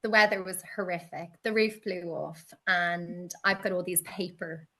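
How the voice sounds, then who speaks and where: A woman guest in a conversational interview, telling stories about her work. She talks in a lively, animated way and acts out her own past reactions with sudden high exclamations. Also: moderate pace. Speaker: guest, teacher and candle maker.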